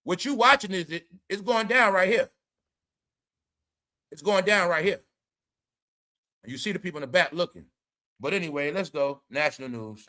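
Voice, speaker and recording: A man hosting a casual commentary show, talking in an animated, profane, rambling way. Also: high voice, moderate pace, long pauses.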